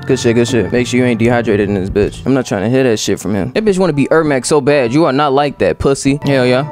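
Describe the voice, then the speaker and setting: A man's voice: medium pitch, fast, a little mellow. A man giving casual, profane let's-play commentary, talking straight to his viewers. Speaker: gaming video host. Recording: game music behind.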